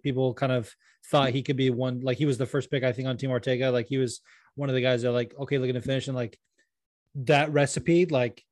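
A man's voice: mid-range voice, darkish tone, no room sound, clean studio sound. A man co-hosting a casual podcast chat, swearing freely and laughing often. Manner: profane, laughing, breaks into sung bits. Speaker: podcast co-host. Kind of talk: casual chat about fights.

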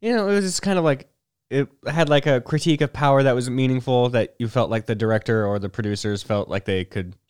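A man's voice: medium pitch, fast talker, a little mellow, clear, resonant tone. A man co-hosting a podcast in casual chat, rambling and hedging a lot. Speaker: podcast co-host.

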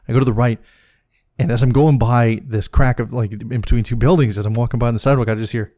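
A man hosting a podcast, telling a comic personal story in a profane, animated way, laughing as he goes. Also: medium pitch, quick pace, dry recording, clean studio sound. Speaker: podcast host.

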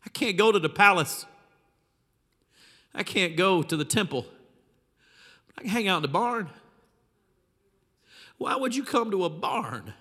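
A man preaching a sermon as a pastor, telling the story with animated, dramatic flair in a large church hall. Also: sits high, a little slow, pauses often. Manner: animated, dramatic storytelling with vivid, sweeping delivery.

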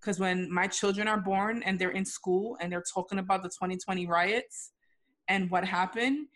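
A young adult woman talks on her podcast in a frank, emphatic way, swearing without a second thought. Her voice sits at a middling pitch, and the delivery stays loose and conversational. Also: steady tone, moderate pace, a bit bright. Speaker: podcast co-host. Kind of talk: casual podcast chat.

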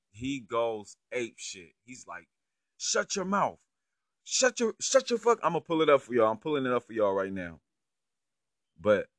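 A man's voice: lowish voice, bright, forceful tone, no echo, studio quality. A man giving casual, profane reaction commentary on a clip, incredulous and heavy on slang. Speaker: online commentator.

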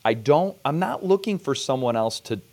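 A man hosting an interview, measured and reflective, steering the talk with questions. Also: medium pitch, expressive, a little mellow. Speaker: podcast host. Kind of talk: conversational interview.

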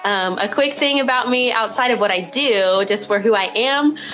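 A woman in her twenties from Arkansas with a Southern accent, chatting as an interview guest and teacher, friendly with frequent ums and soft laughs. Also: a little high, moderate pace, soft background music, low-quality recording. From Arkansas, United States. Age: 20s. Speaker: guest, third grade teacher. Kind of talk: casual interview answers.

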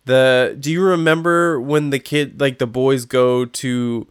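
Male podcast host, curious, easy laugh; smooth voice, dry room. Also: mid-range voice, steady tone, measured pace, dry recording. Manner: laughs often, curious questions. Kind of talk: casual chat.

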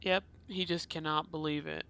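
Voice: mid-range voice, sing-song, moderate pace, fairly bright tone, slight background noise. A podcast co-host recapping a movie in casual chat, with dry, wry remarks and frequent laughter.

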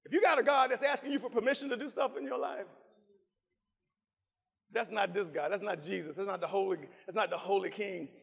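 A man preaching a fervent sermon, shouting and repeating phrases, calling out to the congregation. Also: sits high, brisk, gravelly, breathy edge, in a large hall. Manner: fervent preaching with shouts, repetition and call-outs.

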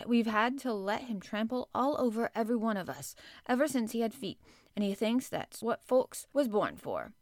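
A woman's voice: on the high side, very animated, normal speed, a little mellow, dry recording, studio quality. A woman voicing a stern older housekeeper, blunt and scolding. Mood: grumbling.

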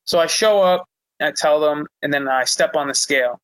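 A young man with a high, bright voice tells a fight story in loose, animated chat, peppering it with "like" and curse words. The sound is dry and close, with no room around it. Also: brisk, no room sound, low-quality recording. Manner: animated, frequent "like" fillers, profane. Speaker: guest, fighter. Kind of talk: casual storytelling.

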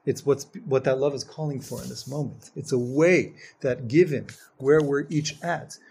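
Gravelly-voiced man teaching a Torah class. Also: medium pitch, darkish tone, a little hiss or hum. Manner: reads Hebrew text fast then explains, rising to emphatic. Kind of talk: Jewish text class.

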